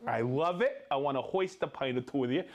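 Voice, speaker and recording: This live-stream host is a man with a mid-range voice who talks fairly quickly. In a cheerful run of shout-outs, he reads off viewers' names and hometowns, tossing in jokes and laughter.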